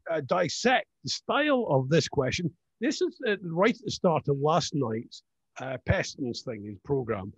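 A man's voice: fairly high pitch, big pitch swings, unhurried, breathy edge, dry recording. A man co-hosting a radio show, teasing his partner with mock-serious questions in casual banter. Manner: teasing, hesitant, full of restarts. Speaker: radio co-host.

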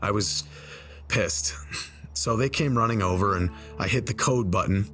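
Low-voiced man telling a story. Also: music in the background. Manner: conversational, slows down for tense moments. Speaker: storyteller and game video creator. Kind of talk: casual spoken storytelling. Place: voice-over over gameplay footage. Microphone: desk microphone.

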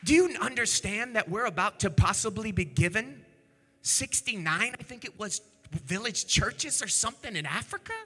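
Pastor guy preaching loud then hushed, high bright voice, big echoey church. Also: normal speed, husky. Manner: animated preaching, swings from shouts to hushed low storytelling. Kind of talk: energetic sermon. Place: church sanctuary.

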